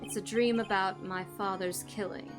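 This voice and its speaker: A woman voicing a grave adult man narrating a nightmare in the first person, low and somber. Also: steady tone, moderate pace, music in the background, natural voice.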